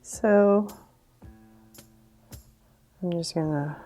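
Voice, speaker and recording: Slow, giggly woman drawing-tutorial host. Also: lowish voice, mellow, soft background music. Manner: chatty, giggly, self-deprecating, many ums. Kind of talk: casual drawing tutorial narration.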